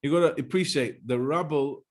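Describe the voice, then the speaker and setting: Animated rabbi teaching with lively storytelling. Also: male voice, a little high, normal speed. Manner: animated, mixes Hebrew terms into English, laughs at his own anecdotes. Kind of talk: Torah class storytelling.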